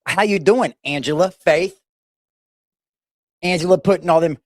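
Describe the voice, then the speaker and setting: A man's voice: high voice, sing-song, unhurried, long pauses, fairly bright tone, dry recording, clean studio sound. A man hosting a live stream in a casual, playful way, greeting chat viewers one by one.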